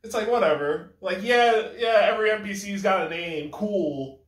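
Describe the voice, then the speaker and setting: A man's voice: high-pitched, moderate pace, reverberant. A man giving a casual, rambling critique of a video game. He often corrects himself mid-sentence and acts out imagined lines of dialogue. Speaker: gaming commentator.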